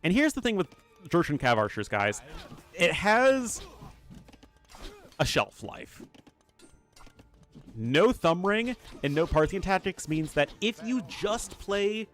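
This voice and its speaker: A man's voice: sits high, very animated, slow pace, long pauses, a bit bright, soft background music. A man casting a strategy game match live, chatty and rambling, talking straight to his chat. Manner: chatty, rambling asides, talks to chat directly. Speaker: game caster and streamer. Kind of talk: casual live esports commentary.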